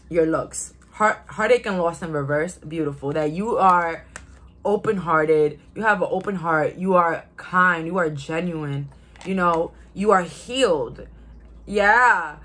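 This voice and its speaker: This is a young woman, talking through a tarot reading like a chat with friends. She is outspoken and quick to laugh, and her voice sits a little low. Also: a bit bright. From Brooklyn, New York. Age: 20s. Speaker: tarot reader. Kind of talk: casual tarot reading to viewers.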